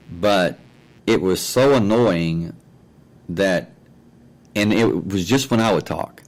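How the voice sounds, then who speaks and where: Slow, low-voiced man telling a story. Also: poor audio. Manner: rambling, frequently repeats "I said" and "he says". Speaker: host of an online talk show. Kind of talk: casual spoken storytelling. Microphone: own mic and mixer setup at home.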